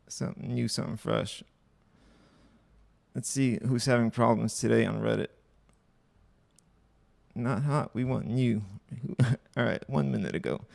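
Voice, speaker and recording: A man's voice: mid-range voice, vocal fry, no echo. A young man hosting a casual livestream, reading online posts aloud and commenting bluntly with profanity. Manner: blunt, profane, offhand asides.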